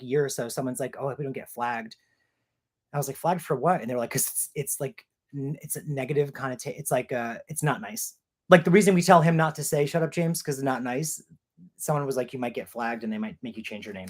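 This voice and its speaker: A man in his thirties hosting a live stream Q&A, chatty and rambling with a self-deprecating manner. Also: fairly high pitch. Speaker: channel host.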